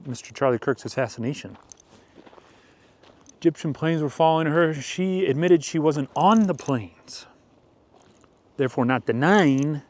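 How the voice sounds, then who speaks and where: A man hosting a rambling commentary show, speaking with mocking deadpan sarcasm. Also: mid-range voice. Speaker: commentary host.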